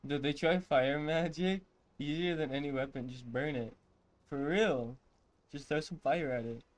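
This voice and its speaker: A man's voice: fairly high pitch, a little slow. Laughing man streaming a game. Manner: laughs often, reads game dialogue aloud. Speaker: streamer playing a video game. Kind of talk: casual gameplay commentary.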